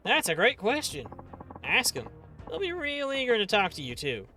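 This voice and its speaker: A man voicing a cheerful, drunk old man who calls people "boy", with a clumsy put-on accent, loud and jolly. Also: sits high, huge pitch swings, moderate pace, faint music behind, pitched above the performer's own voice, exaggerated voice. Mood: boisterous.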